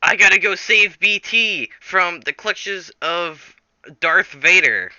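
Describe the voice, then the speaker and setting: A casual, easygoing young adventurer with a bright, crisp voice, done by a man narrating a silly tale. He talks in a slightly raised, drawling way. The recording is dry, dull and lo-fi. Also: on the high side, sing-song, unhurried, no echo, pitched above the performer's own voice, exaggerated voice. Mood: laid-back.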